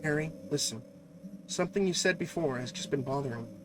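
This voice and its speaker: A man's voice: a little high, brisk, background noise, lightly acted. A man voicing a frightened young nurse in an anxious, pleading way, with music playing behind.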